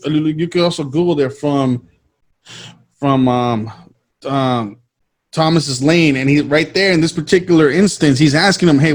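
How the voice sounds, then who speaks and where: A man co-hosting a talk show, hesitant and full of ums and restarts as he walks through footage on screen. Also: on the high side. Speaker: podcast co-host. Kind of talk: casual commentary over a screen share.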